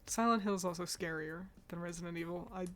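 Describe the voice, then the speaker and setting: A woman's voice: on the low side, fairly even intonation, fast talker. A woman streaming casual chat about games, talking loosely with swearing, sighs and laughs, a bit stuffy and yawning. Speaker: streamer reacting to game awards.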